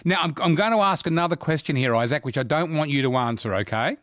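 An Australian man hosting a talkback radio quiz, chatty and quick to cheer callers on with sudden bursts of excitement. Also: no echo, clean studio sound. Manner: chatty, jumps to high excited pitch when cheering callers. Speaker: radio host. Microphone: studio microphone.

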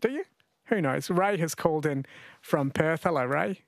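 A man's voice: fairly high pitch, animated, normal speed, vocal fry, dry recording. A man with an Australian accent hosting a radio quiz, chatty and jokey. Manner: chatty, jokey, laughs often. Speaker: radio host. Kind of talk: radio talk show hosting. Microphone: studio mic.

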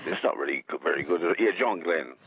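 A man's voice: a bass voice, animated, fast talker, slightly rough, dry recording. An Australian man calling in to a radio show, rambling and joking. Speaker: caller. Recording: tinny phone line.

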